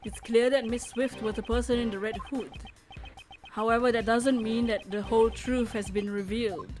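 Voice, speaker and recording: A woman reading a stern, formal male prosecutor in a game, quiet, grave and deliberate. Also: fairly high pitch, steady tone, soft background music, natural voice. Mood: solemn.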